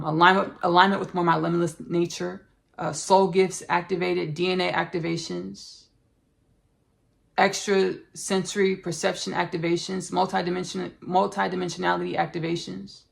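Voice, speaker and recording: A woman hosting a podcast, talking earnestly in a spiritual monologue, halting and repeating herself with many fillers. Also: fairly low pitch, creaky. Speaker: podcast host.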